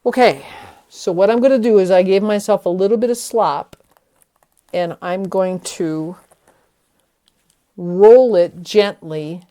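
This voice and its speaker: A woman's voice: medium pitch, slow, pauses often, dark tone. Woman chatting thru a diy fix, kinda nervous, talks to herself, medium voice. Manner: chatty, self-talking while working, nervous. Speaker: vlogger restoring a vintage tree. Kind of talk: casual hands-on how-to narration.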